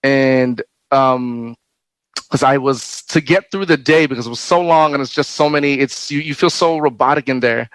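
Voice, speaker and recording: A man, a guest speaker, sharing a personal faith testimony in a halting, candid way, with many fillers and restarts and frequent laughs. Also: mid-range voice, fairly bright tone, no room sound, rough recording.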